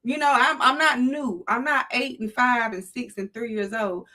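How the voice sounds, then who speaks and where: A woman's voice: fairly high pitch, fairly even intonation, moderate pace, pushed and bright. A middle-aged woman with a Southern US accent, hosting a casual livestream in a playful, preachy way and talking to her chat. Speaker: livestream host.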